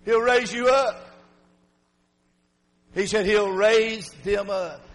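A middle-aged man preaching a sermon in plain folksy speech, drifting from hushed storytelling to shouted exhortation. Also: sits high, slow. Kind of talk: fiery sermon. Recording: long hall reverb.

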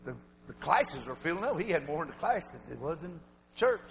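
An older pastor delivers a fiery sermon in a high, ringing voice. He slips between folksy, storytelling talk and loud, shouting preaching. His voice hangs in the long reverb of a church sanctuary. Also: big pitch swings, brisk, creaky.

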